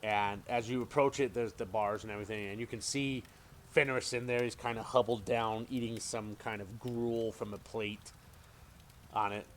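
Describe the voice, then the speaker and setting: A man's voice: fairly low pitch, fairly even intonation, moderate pace, slight background noise. A man narrating a tabletop game as game master in a casual, hesitant way. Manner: casual, hesitant, many fillers.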